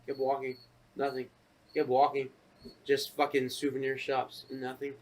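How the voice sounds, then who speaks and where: A man co-hosting a podcast, telling a casual story full of profanity and acting out his own shouted lines. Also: mid-range voice, normal speed. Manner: profane, animated, acts out shouted quotes. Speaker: podcast co-host.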